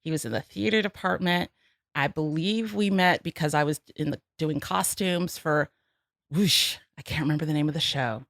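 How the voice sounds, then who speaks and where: A woman in her forties hosting a podcast in casual chat, bubbly and animated, laughing often. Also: deep voice, normal speed, creaky, no room sound, clean studio sound. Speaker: podcast host. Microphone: studio microphone.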